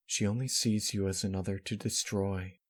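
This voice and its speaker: A weary female pony princess who has given up hope, voiced by a male reader. She speaks low and quiet, with a resigned, heavy manner. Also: steady tone, moderate pace, natural voice.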